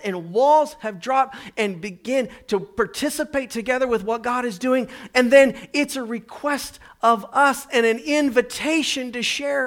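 A man's voice: very high voice, a bit bright. A man preaching a sermon, telling a personal story in a conversational, emphatic way. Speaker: pastor.

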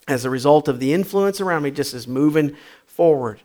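A man preaching a sermon, telling funny stories from his school days and then pressing his point with animated, rising emphasis. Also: on the high side, fairly quick. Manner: animated storytelling with humor. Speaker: pastor.

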